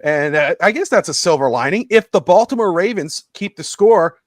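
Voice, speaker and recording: A middle-aged man hosting a casual live sports talk show, rambling and excitable and laughing often as he talks. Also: high-pitched, normal speed, no echo, clean studio sound.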